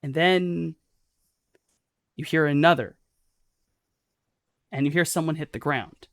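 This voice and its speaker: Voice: mid-range voice, steady tone, takes it slowly, no echo, clean studio sound. A game master narrating a tabletop horror game in a casual, descriptive way.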